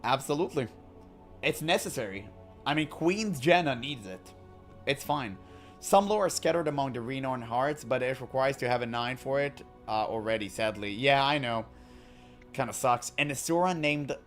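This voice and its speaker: Man reading game lore aloud, joking. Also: medium pitch. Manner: reads in-game books aloud with joking asides and laughs. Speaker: gaming commentator.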